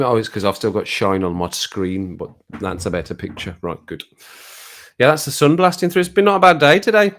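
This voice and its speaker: A man's voice: medium pitch, brisk, a bit bright. Rambling, chatty man. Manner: rambling and chatty, laughs often at himself. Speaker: live streamer. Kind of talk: casual chat on a live stream. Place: home room with sun on the window.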